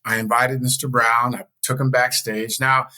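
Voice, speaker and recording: A man guesting on an interview show as a speaker and coach, telling personal stories in a casual, animated way. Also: moderate pace, rough recording. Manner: animated storyteller, jumps higher when quoting others.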